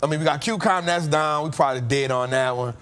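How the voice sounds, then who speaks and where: A man's voice: a little high, quick pace, a bit bright, faint music behind. A man hosting a trading show, telling a story in a casual, slangy way and laughing often.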